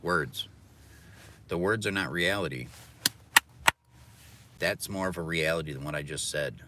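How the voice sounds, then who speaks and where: A man's voice: deep voice, unhurried, heavy background noise. A man ranting profanely and philosophizing from his car during a casual livestream. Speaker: livestreaming delivery driver.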